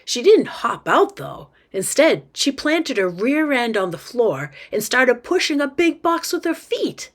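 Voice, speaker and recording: A woman teacher reads a novel aloud in an expressive first-person voice. Her pitch is animated, moving up and down a great deal. She takes her time, with a slow, deliberate pace.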